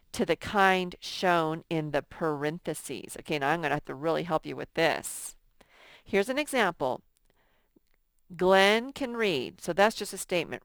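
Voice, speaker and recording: A middle-aged woman teaching a lesson to young children, reading example sentences in a slow, sing-song way. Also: on the low side, dry recording.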